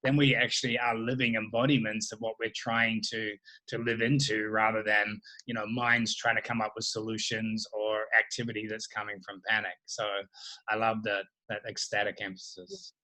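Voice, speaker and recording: A man hosting a reflective spiritual conversation, speaking in a slow, contemplative way. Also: fairly low pitch, flat delivery, bright, forceful tone, rough recording. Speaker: host.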